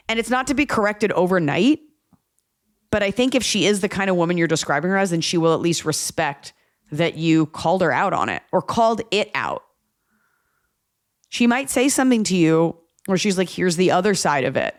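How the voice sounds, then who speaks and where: A woman's voice: on the low side, brisk. A woman hosting an advice podcast, chatting casually and bluntly, acting out the people she talks about. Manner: blunt, animated, acts out quoted voices. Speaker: podcast host giving advice.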